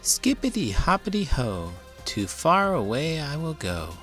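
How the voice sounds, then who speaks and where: A man's voice: a little high, wildly swooping pitch, measured pace, fairly bright tone, faint music behind, pitched above the performer's own voice, full character voice. A man voicing a sly runaway magic wok that sings its lines in a teasing singsong, in a storybook reading.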